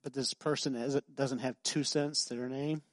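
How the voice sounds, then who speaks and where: Emphatic preacher, dry close sound. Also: male voice, mid-range voice, fairly even intonation, normal speed, no room sound. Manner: emphatic, repetitive, conversational storytelling. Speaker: pastor. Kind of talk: sermon.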